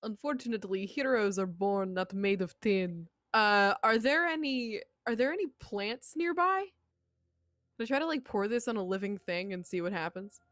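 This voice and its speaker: A woman's voice: mid-range voice, animated, normal speed, fairly bright tone, no echo, studio quality. A woman playing a tabletop game, asking curious questions with hesitant fillers. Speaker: player.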